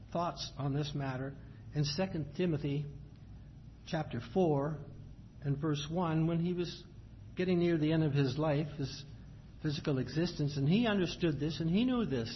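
A man with a somewhat high voice preaches a sermon. He reads scripture in a measured cadence, then explains it in plain, everyday words. The recording is dull and lo-fi, with faint ambient noise behind him.

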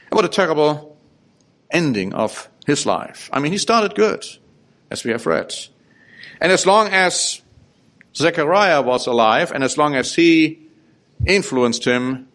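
A man's voice: mid-range voice, a bit bright. Male preacher, sermon, reads verses aloud, emphatic, rhetorical questions. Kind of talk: sermon with Bible reading.

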